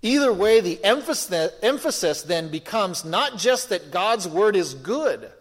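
A man with a high voice and big pitch swings preaches a sermon at an unhurried pace. His delivery is conversational and emphatic, with rhetorical questions to listeners and frequent restarted sentences. The recording carries long hall reverb.

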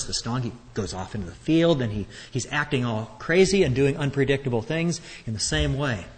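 A man teaches from scripture in a loose, conversational way, often restarting his sentences as he explains. His voice sits at an ordinary middle pitch, and it carries with a long reverb through a hall. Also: fairly bright tone. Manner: conversational, earnest, stammers on restarts. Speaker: Bible teacher. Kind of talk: expository Bible teaching.

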